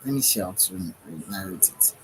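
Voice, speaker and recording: With background noise behind him, a low-pitched man speaks expressively at a moderate pace. The tired livestream host yawns as his spiritual monologue wanders, and he keeps searching for words and asking "right?"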